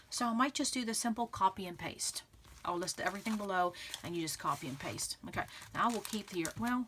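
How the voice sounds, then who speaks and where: A chatty woman walks her viewers through a craft project in an easy, encouraging way, circling back with lots of "okay" and "again." Her voice is bright and forward, set at a middling pitch for a woman. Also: husky. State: clearing throat from pollen. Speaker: scrapbooking channel host. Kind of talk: casual craft tutorial talking to viewers.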